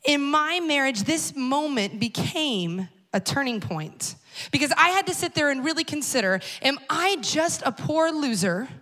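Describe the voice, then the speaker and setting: Her voice sits high and sounds expressive with a sharp tone, and she speaks unhurriedly. The woman, in her thirties, gives a conversational, wry personal storytelling talk at a church series, looking straight at the audience.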